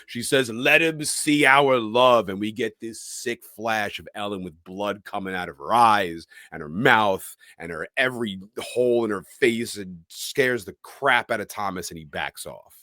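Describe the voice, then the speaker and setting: Deep-voiced man recapping a film. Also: moderate pace, bright, forceful tone, dry recording, studio quality. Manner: dramatic storytelling recap with quoted lines. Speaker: podcast co-host.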